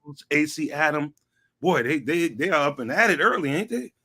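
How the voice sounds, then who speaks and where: A man's voice: a little high, expressive, normal speed, bright, forceful tone. A man, guest on a sports talk show, talking casually with lots of slang and repeated fillers. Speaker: guest, network founder.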